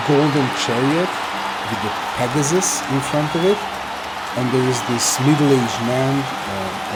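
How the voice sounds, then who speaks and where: A man narrating a tabletop game as game master, describing scenes with frequent fillers. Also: medium pitch.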